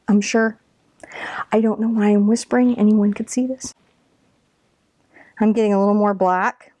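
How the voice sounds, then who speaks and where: A woman's voice: a little high, a little mellow, dry recording. Chatty encouraging woman painting teacher. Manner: chatty and encouraging, talks through each brush stroke. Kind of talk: step-by-step painting tutorial.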